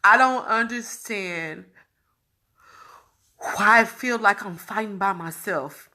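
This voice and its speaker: A woman speaking a raw personal testimony, repeating herself and breaking between tears, laughter and shouts of frustration. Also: mid-range voice, slow. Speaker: vlogger sharing her illness story.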